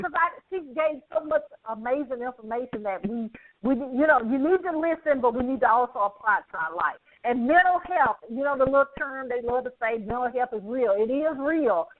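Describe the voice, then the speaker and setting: A woman's voice: high-pitched, animated, brisk. A woman hosting her podcast. She talks with emphasis and emotion, repeats herself, and laughs often. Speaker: podcast host. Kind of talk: casual show sign-off. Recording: tinny phone-like line.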